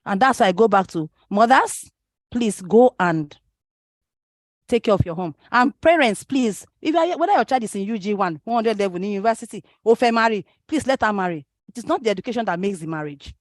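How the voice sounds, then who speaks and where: A Nigerian woman speaks quickly and urgently, pressing her listeners with one rhetorical question after another. She mixes Arabic and Yoruba phrases into her English. Her voice sits at a middle pitch and sounds dry and close, with no room echo. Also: animated. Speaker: speaker at a parenting talk. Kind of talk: impassioned religious talk.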